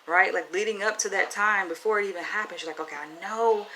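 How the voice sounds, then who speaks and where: A woman's voice: mid-range voice, fast talker, pushed and bright, slight background noise, low-quality recording. A woman with a Southern US accent talking frankly to camera in a casual, chatty advice vlog. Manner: frank, chatty, asks "right?" often. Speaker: vlogger.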